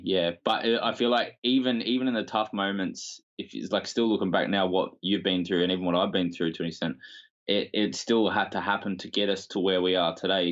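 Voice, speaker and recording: A man's voice: low voice, dull audio. A man hosting a podcast, talking in a reflective, rambling way with filler words. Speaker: podcast host. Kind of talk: casual conversation.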